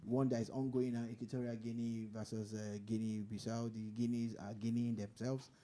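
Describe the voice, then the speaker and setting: A man's voice: medium pitch, level tone, normal speed, warm tone. A man, co-hosting a radio show and giving playful, dramatic football commentary. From Nigeria. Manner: playful, dramatic, pidgin-tinged turns of phrase. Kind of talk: casual radio banter and sports commentary.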